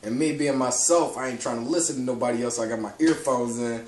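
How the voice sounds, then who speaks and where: A man's voice: medium pitch, steady tone, quick pace, a little mellow, echoey room. A young man co-hosting a casual podcast, telling stories in an exasperated, disbelieving way. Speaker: podcast co-host. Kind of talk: casual chat.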